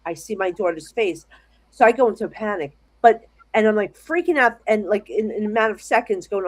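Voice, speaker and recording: A middle-aged American woman, a psychic medium, telling stories in a casual interview from her home office over a video call, talking in an animated, rambling way with many restarts. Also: mid-range voice, brisk.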